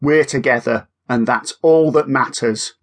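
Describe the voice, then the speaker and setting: A steady, kind young werewolf boy, voiced by a man reading a storybook. He talks calmly and reassures his friends. The voice sits in a middle pitch. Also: a little slow, natural voice. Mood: reassuring.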